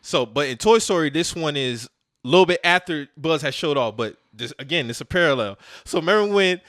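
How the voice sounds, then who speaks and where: Bright, animated male podcast co-host. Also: on the high side, a little fast, dry recording, clean studio sound. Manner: animated, profane, acts out characters' lines. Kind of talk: casual chat retelling movie scenes.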